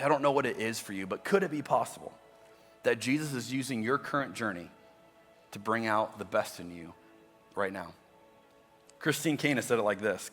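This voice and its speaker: A man's voice: mid-range voice, sharp tone, big-room sound. A man preaching a sermon as pastor, talking conversationally and acting out imagined voices. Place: church auditorium.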